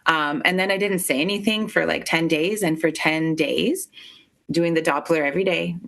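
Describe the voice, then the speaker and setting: A woman telling a painful personal story as an interview guest, halting and emotional, with many filler words. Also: low voice, gravelly, a bit bright.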